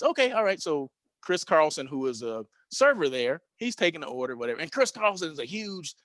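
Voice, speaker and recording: A man in his fifties hosting a show, telling a personal anecdote in a casual, animated way with frequent tag questions. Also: on the high side, fairly quick, no echo. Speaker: host.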